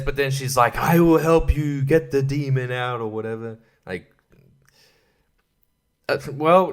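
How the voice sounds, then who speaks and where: A man hosting a podcast rambles through a film review in a sarcastic, profane voice. He keeps chuckling at his own jokes, and his everyday voice sits at an ordinary middle pitch. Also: a bit bright. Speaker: podcast host.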